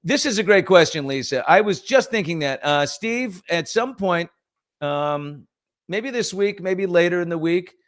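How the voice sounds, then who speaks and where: A middle-aged man hosting a casual morning talk show, telling stories with lively acted-out quotes. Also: sits high, unhurried. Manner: animated storyteller, acts out quotes and whispers. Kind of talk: casual storytelling chat.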